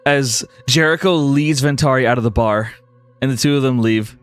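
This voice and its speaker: A man's voice: mid-range voice, steady tone, normal speed, smooth, soft background music. A man narrating a tabletop role-playing game as game master, loose and full of restarts.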